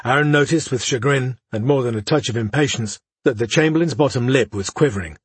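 A man reads a fantasy novel aloud in measured, even narration. His voice is husky and breathy, and the recording is very dry and close to the mic, with no room sound. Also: medium pitch, dry recording. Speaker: audiobook narrator. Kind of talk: scripted narration.

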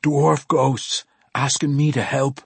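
Frightened old dwarf, shaky and short of breath, talking in broken gruff dialect, raised husky voice, played by a male narrator. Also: medium pitch, little pitch movement, slow pace, dry recording, voice pushed up. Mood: frightened, bewildered. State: gasping, shaken.

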